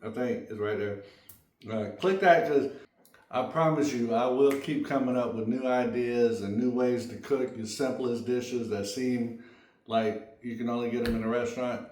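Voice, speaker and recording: A man hosting a home cooking video, talking straight to viewers in an excitable, folksy way during a taste test. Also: medium pitch, moderate pace, a little hiss or hum. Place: home kitchen. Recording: echoey kitchen with faint clatter.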